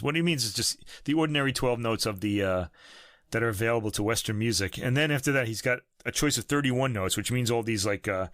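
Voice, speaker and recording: Man in his fifties, podcast co-host, rambling chatty delivery, mid-pitched, dry close recording. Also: a bit bright, no room sound. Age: 50s. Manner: rambling, self-correcting, chuckling. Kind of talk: casual chat about classical music.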